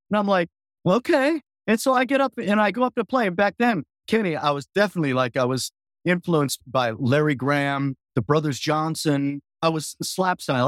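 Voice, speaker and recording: A man in his sixties, a guest musician telling a story with lots of energy, acting out voices and humming bass lines. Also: expressive, fairly quick, dry recording, studio quality. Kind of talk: animated storytelling.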